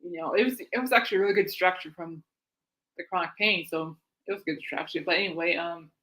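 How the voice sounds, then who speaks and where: Speaking fast in a fairly low, slightly bright voice, a woman runs her own music chat show. Her monologue is casual and rambling, full of laughter, self-deprecating jokes and detours.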